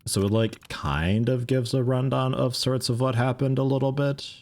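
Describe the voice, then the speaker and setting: A man's voice: medium pitch, moderate pace, darkish tone. A young man giving rambling, laid-back let's play commentary, swearing and chuckling now and then. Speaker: streamer playing a video game.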